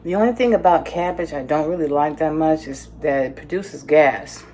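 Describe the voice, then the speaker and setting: A woman's voice: sits low, normal speed, warm tone, a little hiss or hum. A woman vlogging from her home kitchen, chatting casually to her viewers as she prepares food. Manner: chatty, talks to viewers while cooking.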